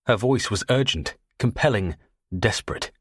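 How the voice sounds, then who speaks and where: A man narrating a thriller audiobook in the first person, tense and measured. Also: lowish voice, lively intonation, fairly bright tone, breathy edge.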